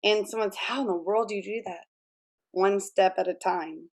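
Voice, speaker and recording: A middle-aged woman talking as a guest on an interview show. She tells stories with energy, breaks into laughter and acts out what people said to her. Her voice sits at an ordinary middle pitch. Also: normal speed. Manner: animated storyteller, laughs often, acts out quotes. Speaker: guest author. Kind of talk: conversational interview.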